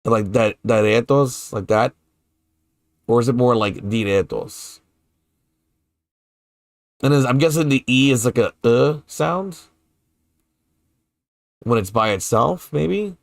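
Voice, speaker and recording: Halting, curious male streamer, dry sound. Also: mid-range voice, expressive, creaky, dry recording. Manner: hesitant, repeats words while puzzling over pronunciation; curious and playful. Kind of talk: casual chat with viewers while gaming.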